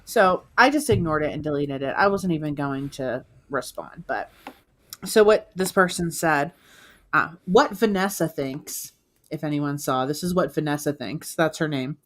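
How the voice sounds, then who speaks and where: A woman's voice: low-pitched, lively intonation, a little slow, fairly bright tone. A woman co-hosting a live reselling stream, venting at length in a talkative way with many fillers. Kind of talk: casual live-stream chat.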